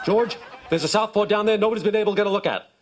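A man voicing a blustery, rambling older baseball team owner in a sitcom clip, talking quickly and drifting off the subject. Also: high voice, pitched above the performer's own voice, lightly acted. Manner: rambling, distracted, quick talk. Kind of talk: sitcom acting, voice heard off-camera. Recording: TV clip with steady background noise.

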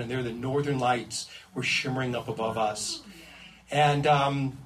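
A man telling a comic first-person adventure story in an animated, suspense-building way. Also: medium pitch, a little hiss or hum. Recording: distant mic with faint ambience.

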